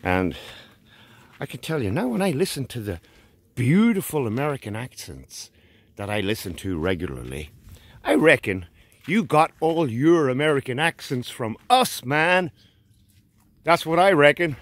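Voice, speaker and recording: A man's voice: mid-range voice, big pitch swings, moderate pace, long pauses, fairly bright tone, dry recording. An Irish man chatting in a casual, joking way while walking through a forest for his vlog. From Ireland. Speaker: vlogger. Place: outdoors in a forest.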